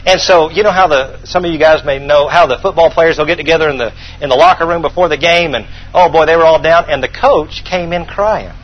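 High-voiced, husky preacher, lo-fi sound. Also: male voice, a little fast, hardly any pauses. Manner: emphatic preaching, repeats key points for note-taking. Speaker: pastor. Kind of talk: sermon.

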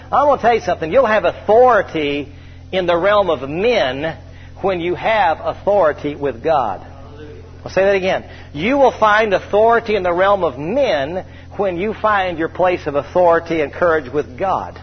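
A man's voice: on the high side, faint music behind. A man preaching a sermon to a congregation, stretching out scripture readings and telling stories with energy. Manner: preacherly, drawn-out scripture reading, lively storytelling. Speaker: pastor. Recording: dull lo-fi hall recording.

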